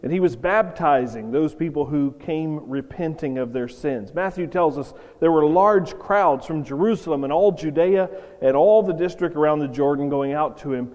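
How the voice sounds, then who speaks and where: A man's voice: on the high side, normal speed, hardly any pauses, darkish tone. A man preaching a sermon in a conversational, storytelling way with emphatic points. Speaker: pastor. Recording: long reverb of a hall.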